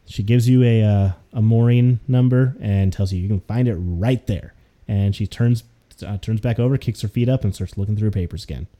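A man narrating a tabletop game as its game master, easygoing and full of casual fillers. His voice is very dark and mellow, and he paces the scene descriptions at a relaxed clip. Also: fairly low pitch, a little fast, few pauses.

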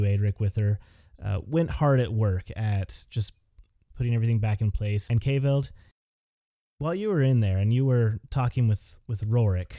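Brief: game master, rambling narrator, dark dry voice, low register. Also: male voice, no echo, highs cut off. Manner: meandering, filler-heavy narration.

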